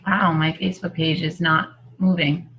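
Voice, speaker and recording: A woman's voice: deep voice, fairly even intonation, moderate pace, highs cut off. A woman coaching her group on a video call, chatty and rambling as she thinks aloud. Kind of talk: casual video call talk.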